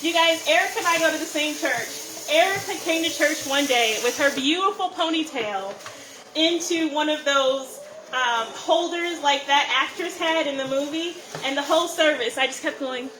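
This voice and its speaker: Woman, high voice, chatty live cooking host, greets viewers, phone mic, echoey kitchen. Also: moderate pace, pushed and bright, slight background noise. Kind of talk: live cook-along chat.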